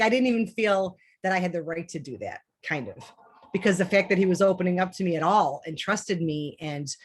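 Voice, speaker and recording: A woman's voice: on the low side, husky. Candid mother on a parent panel. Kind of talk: personal story on a panel.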